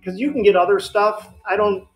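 A woman's voice: mid-range voice, fairly quick, faint music behind, low-quality recording. A woman co-hosting a live online clothing sale, thinking aloud about the stock and teasing her partner dryly. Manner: explains and muses aloud, dry teasing. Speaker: live-stream seller co-host. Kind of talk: casual live-sale chat.

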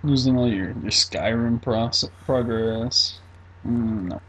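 A man giving goofy, excitable commentary while playing a video game. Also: medium pitch, slow, a little hiss or hum. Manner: jokey, excitable, sing-song outbursts. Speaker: let's play commentator. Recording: commentary over game music.

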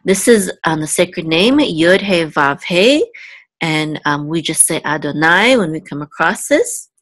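A woman teaches biblical Hebrew step by step, sounding out each word slowly and often pausing to ask "okay?". Her voice sits a little low, and the recording is dry and close. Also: animated, fairly bright tone, no room sound. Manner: patient, repeats words, checks in with "okay?". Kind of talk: slow step-by-step language lesson.

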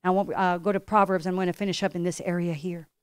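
A woman's voice: lowish voice, level tone, fast, clean tone, dry recording, clean studio sound. A middle-aged woman pastor preaching a sermon with emphatic repetition and rhetorical questions. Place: church.

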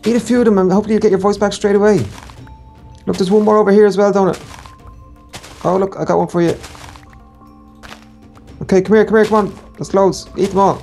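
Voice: medium pitch, steady tone, quick pace, vocal fry, pauses often, dark tone, soft background music. A player voicing a character in a game role-play, talking urgently and encouragingly and repeating words while guiding a companion.

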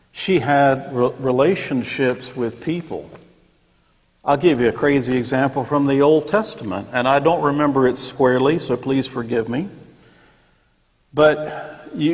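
A man teaching a church Sunday school class in a conversational way, with joking asides and acted-out quotes. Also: mid-range voice. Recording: long echoey church room.

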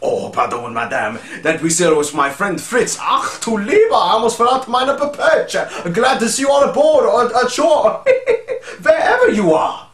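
A man's voice: sits high, very animated, measured pace, a bit bright, roomy sound, a little hiss or hum, voice pushed up, full character voice. A man voicing a troupe of theatrical talking parrots, squawky and showy. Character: chattering cartoon parrots with mixed foreign accents.

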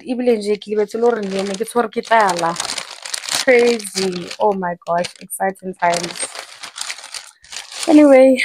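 A young woman with a South African accent, chatting excitedly in a casual vlog and switching languages mid-sentence. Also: medium pitch, a little hiss or hum. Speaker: vlogger.

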